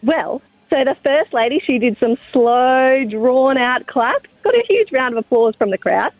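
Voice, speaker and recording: Young female caller, high voice, eager storyteller, muffled dry phone line. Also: animated, measured pace, no echo. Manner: enthusiastic storytelling.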